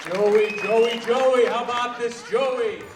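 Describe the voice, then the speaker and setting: A man putting on a wisecracking older Vegas crooner who hosts the stage with quick patter. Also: very high-pitched, fairly even intonation, heavy background noise. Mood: brash, joking. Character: brash older male Vegas crooner hosting a lounge show. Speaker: impressionist performer. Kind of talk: stage impression with lounge banter. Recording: echoey hall from far off, loud band and crowd.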